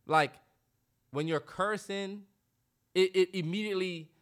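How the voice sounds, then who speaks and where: Young guy cohosting a podcast, high bright voice, cussing a lot and doing little voices. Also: unhurried, smooth. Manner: animated, profane, acts out quoted voices. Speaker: podcast co-host. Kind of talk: casual chat.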